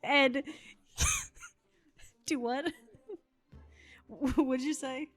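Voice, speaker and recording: A woman's voice: high voice, huge pitch swings, extremely slow, faint music behind. A young woman gaming streamer telling a story in casual chat, giggly and chatty. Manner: giggly, chatty, lots of laughing and voiced quotes. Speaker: game streamer. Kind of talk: casual storytelling while playing.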